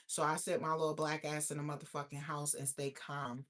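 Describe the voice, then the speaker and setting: A woman hosting a casual storytime monologue, slangy and profane, swinging between loud outbursts and low asides. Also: flat delivery, brisk. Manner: slangy, emphatic street talk. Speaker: host.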